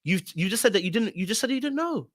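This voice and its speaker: Male reaction host, a little high-pitched, dry close sound, blunt and repetitive commentary. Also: animated, fast talker, fairly bright tone, no room sound. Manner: emphatic, blunt and repetitive, hammering points home. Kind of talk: reaction commentary on a reality show.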